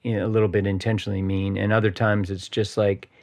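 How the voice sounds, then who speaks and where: A man's voice: on the low side, flat delivery, quick pace, darkish tone. A man co-hosting a podcast, talking casually and rambling, with lots of fillers and little checks for agreement. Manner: rambling, loaded with fillers like "you know" and "right". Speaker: podcast co-host. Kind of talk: casual personal conversation.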